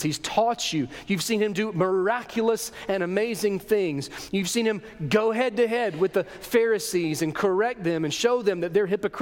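A man preaching a sermon as a pastor, telling the story in a lively way and acting out the voices. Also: high voice, in a large hall.

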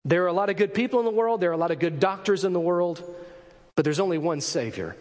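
High-voiced male preacher in a reverberant hall. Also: lively intonation, quick pace, darkish tone. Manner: dramatic shifts, acting out voices of the crowd. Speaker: pastor. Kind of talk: sermon.

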